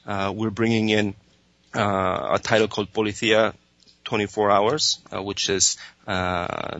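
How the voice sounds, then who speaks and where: A man with a low but bright, forward voice answers interview questions. He hesitates constantly, filling gaps with uh and um and restarting phrases. The recording is dry and somewhat dull. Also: vocal fry, dry recording. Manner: hesitant, many fillers and restarts. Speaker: streaming executive guest.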